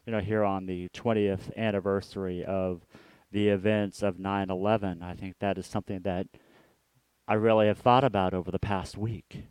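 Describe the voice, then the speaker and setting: A man preaching a reflective sermon as a pastor. He often repeats words and trails off softly at the ends of his phrases. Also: sits low, steady tone, normal speed, smooth, no echo.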